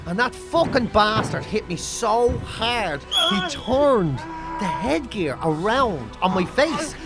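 A man, a comedian and podcast host, telling a funny story with lots of swearing and loud re-enacted shouts. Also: high-pitched, sing-song, slow pace, loud music behind the voice. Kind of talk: comic storytelling.

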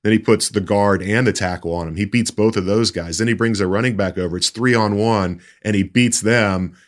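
Man, sports reporter, very deep voice, halting storytelling, casual chat. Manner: halting, many restarts, storytelling.

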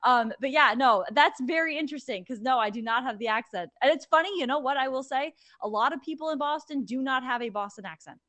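A young woman from Connecticut with no regional accent, co-hosting a casual sports betting chat in an animated, opinionated way. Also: high-pitched, fast talker, hardly any pauses. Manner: animated, opinionated, chatty with fillers. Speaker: sports betting podcast co-host.

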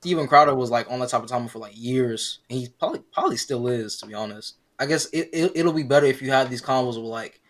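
A man's voice: mid-range voice, quick pace, hardly any pauses, a bit bright. A man with a mid-range voice joins a podcast chat about politics. His speech is slangy and loose, packed with fillers as he works through his point.

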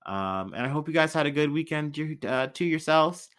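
A man's voice: fairly high pitch, expressive, normal speed, fairly bright tone. A young man hosting a casual podcast, rambling loosely with lots of fillers and swearing. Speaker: podcast host. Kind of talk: casual solo podcast chat.

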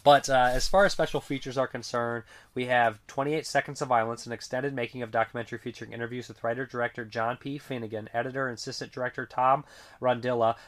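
A man casually reviewing movies in a rambling, animated way, swearing now and then, and sounding sick. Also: mid-range voice, brisk. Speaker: film reviewer.

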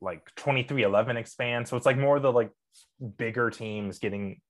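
A man co-hosting a casual racing podcast, rambling with fillers, giggling and now and then bursting into shouts. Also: medium pitch, brisk. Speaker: podcast co-host. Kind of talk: casual chat.

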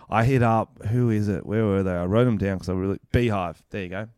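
Laid-back Australian man, smooth voice. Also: on the low side, steady tone, quick pace, few pauses, a little mellow, no echo, studio quality. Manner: laid-back, swears freely, tells stories with quoted voices. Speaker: podcast co-host and musician. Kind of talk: casual chat.

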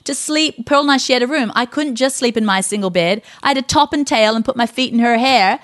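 A woman co-hosting a podcast, telling stories with animated, emphatic delivery in a casual faith talk. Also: on the high side, fairly quick. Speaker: podcast co-host.

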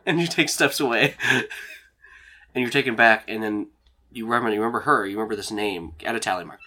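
A man's voice: on the low side, fast talker. A man narrating as game master, rambling with lots of fillers. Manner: rambling, filler-heavy, relaxed.

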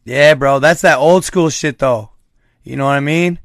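A man's voice: a little high, normal speed, creaky, no room sound, clean studio sound. A man talking casually with his viewers, telling a rambling story full of slang. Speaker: streamer chatting with viewers. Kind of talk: casual chat.

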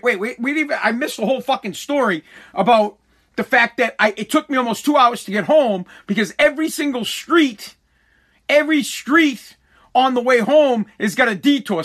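A man's voice: high-pitched, bright, forceful tone. A middle-aged man hosting a podcast, venting in a rambling, exasperated way and swearing often. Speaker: podcast host. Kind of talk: casual venting monologue.

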